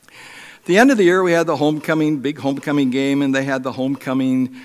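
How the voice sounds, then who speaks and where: A man's voice: mid-range voice, steady tone, quick pace, darkish tone. Middle-aged man from Europe, preacher; chatty storytelling sermon, long reverb of a big hall. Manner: conversational storytelling with many restarts and fillers.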